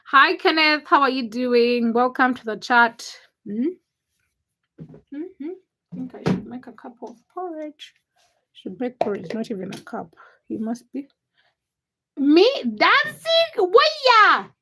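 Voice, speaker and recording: A woman's voice: fairly high pitch, a little slow, long pauses, bright, forceful tone, slight background noise. A young Ugandan woman hosting a casual livestream, chatty and self-mocking as she greets viewers by name. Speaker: livestream host.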